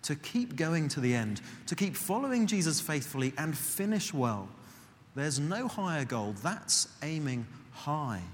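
A man preaching a sermon in a conversational, earnest way, slowing and softening his voice for emphasis. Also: a little high, big pitch swings. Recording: long hall reverb, faint background noise.

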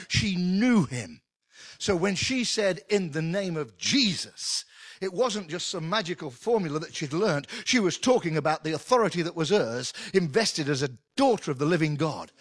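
A middle-aged man preaching a sermon in an animated, conversational way with touches of humour. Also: on the high side, slightly rough, no room sound. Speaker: pastor.

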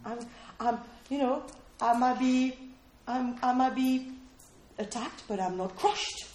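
High-voiced woman preaching in a roomy space. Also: slow pace, darkish tone, a little hiss or hum. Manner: conversational, keeps checking in with "okay?" and questions to listeners. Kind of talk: sermon. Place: room with a small responding audience.

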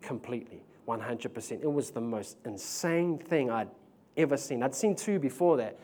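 Laughing, slangy New preacher. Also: male voice, medium pitch, moderate pace, slight background noise. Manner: animated storyteller, laughs often, slangy. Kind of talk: testimony sermon.

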